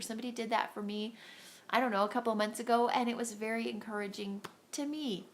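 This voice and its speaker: A woman's voice: medium pitch, vocal fry, a little hiss or hum. A woman giving an earnest, encouraging devotional talk to women, acting out little voices as she goes. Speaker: devotional host.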